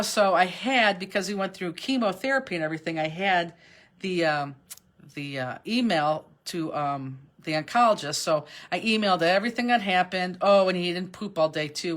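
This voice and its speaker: A woman's voice: fairly low pitch, a bit bright. A middle-aged woman teaches a live craft class from her workspace. She drifts into a long, heartfelt story, circling back with fillers and restarts as she goes. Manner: rambling, chatty, emotional, with frequent fillers and restarts. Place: warehouse workspace.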